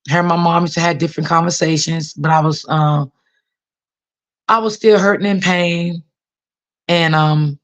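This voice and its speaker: A woman telling a personal story to her viewers in a casual way, often repeating herself and using many fillers. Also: fairly low pitch. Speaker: author talking to viewers.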